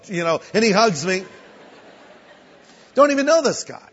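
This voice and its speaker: An older male preacher delivers a story-driven sermon, acting out the people he describes. His voice sits high and the recording sounds dull and lo-fi. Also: very animated, normal speed, pauses often, a bit bright, in a large hall. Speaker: guest pastor.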